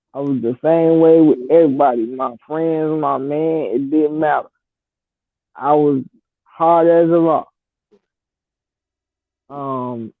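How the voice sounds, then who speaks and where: A woman's voice: sits low, no room sound. A woman in her thirties from Detroit with a Detroit accent touched by the Southern US, telling a story in a blunt, laid-back casual way. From Detroit, Michigan. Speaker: vlogger. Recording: dry, tinny phone-like audio.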